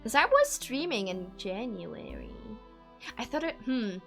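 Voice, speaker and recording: Woman streamer, high voice, very lively, giggly casual chat, faint music behind. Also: a little slow, gravelly. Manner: chatty, giggly, self-deprecating.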